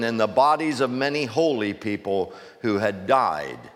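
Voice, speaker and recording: Slow preacher guy reading scripture and firing off questions, middle pitch, long hall echo. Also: expressive, fairly bright tone. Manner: slow, deliberate, rising urgent questions.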